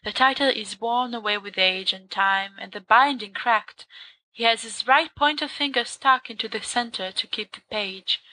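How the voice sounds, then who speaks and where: A woman reading fan fiction aloud as a podfic, with expressive storytelling. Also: fairly high pitch, moderate pace, no room sound. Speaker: podfic reader.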